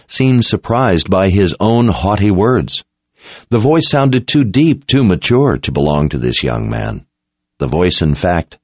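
A man reading fantasy fiction aloud in a measured, dramatic storytelling style. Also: low-pitched, a little mellow, no echo. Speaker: audiobook narrator. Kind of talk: scripted fantasy narration. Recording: dull lo-fi recording.

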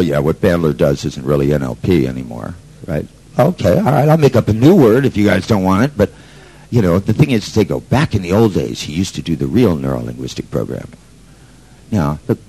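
A man's voice: sits low, warm tone, husky, rough recording. A man telling a story to an audience in a brash, sardonic way, swearing freely. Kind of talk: profane storytelling talk.

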